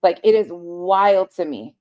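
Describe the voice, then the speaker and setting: A woman's voice: fairly low pitch, measured pace, highs cut off. A woman hosting a casual late-night livestream, talking straight to her viewers, swearing often and getting heated. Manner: paces around while talking. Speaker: livestream host reading chat.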